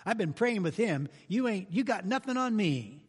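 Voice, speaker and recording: A man putting on the voice of Jesus, talking in casual modern words with calm reassurance. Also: high voice, normal speed, breathy edge, in a large hall, full character voice. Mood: defiant. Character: Jesus, calm confident man addressing others.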